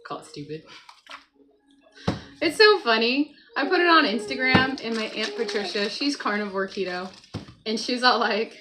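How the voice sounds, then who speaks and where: A woman's voice: on the high side, moderate pace, pauses often, noisy background. Chatty woman hosting a morning livestream. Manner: chatty, reads chat aloud, talks to her child between comments. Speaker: livestream host. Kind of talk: casual morning livestream chat. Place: at home by a computer.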